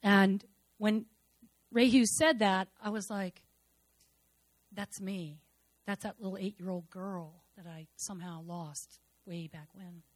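Speaking slowly, with a medium pitch and fairly even intonation, a woman shares her personal testimony before a congregation. Her emotional delivery is fervent and repetitive, swinging from loud proclamations to hushed murmurs, captured dry and close without any room echo.

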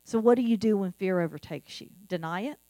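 A woman's voice: mid-range voice, a little fast, warm tone, no room sound. A middle-aged woman pastor preaching a sermon in an earnest, conversational way, repeating key phrases. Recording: dry with faint mains hum.

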